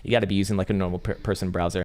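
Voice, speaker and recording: A man's voice: low voice, flat delivery, racing, darkish tone. A young man hosting a casual crypto trading livestream, rambling and swearing, laughing often and breaking into mock outbursts at his chat. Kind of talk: casual live-stream chart commentary.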